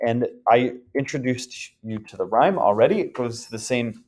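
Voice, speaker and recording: Man, teacher, recorded lesson, casual, lots of ums, relaxed delivery. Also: medium pitch, moderate pace. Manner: relaxed, frequent ums, chants the word list rhythmically. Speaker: French teacher.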